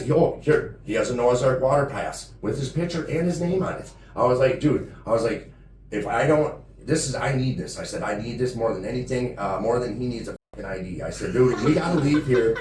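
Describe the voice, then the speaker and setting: A man's voice: mid-range voice, fairly quick, darkish tone. Rambling profane man, roomy and distant. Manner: profane, rambling, says "dude" constantly. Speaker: podcast co-host telling a story. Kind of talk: casual storytelling among friends. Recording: roomy echo, far from mic, faint background noise.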